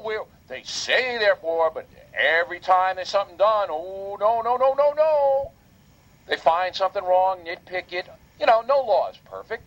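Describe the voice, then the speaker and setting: A man hosting a talk radio show, delivering a heated, indignant monologue that repeats points for emphasis. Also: on the high side. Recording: lo-fi radio broadcast.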